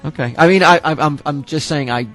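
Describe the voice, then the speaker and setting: A man's voice: a little high, a little fast, a bit bright, soft background music. A man co-hosting a casual podcast, asking dry questions and swearing casually. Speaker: podcast co-host.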